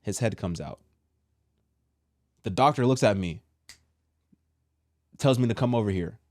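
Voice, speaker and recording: A man casually telling a personal testimony, animated and full of slang, acting out what others said. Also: lowish voice, a little slow, no room sound, studio quality. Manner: animated, acts out quotes with slang. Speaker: storyteller sharing a testimony.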